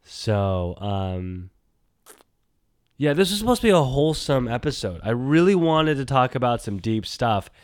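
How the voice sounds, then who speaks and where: A man hosting a solo podcast, rambling and animated, talking to himself and swinging from loud bursts to quiet mumbles. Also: mid-range voice, unhurried, clean tone, no echo, clean studio sound. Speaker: podcast host.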